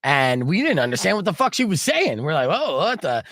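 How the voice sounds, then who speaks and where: A man's voice: a little fast, dry recording, clean studio sound. A middle-aged man hosting a radio show in casual chat, telling rambling stories full of fillers. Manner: rambling, filler-heavy storytelling with lively swings in pitch. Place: radio studio.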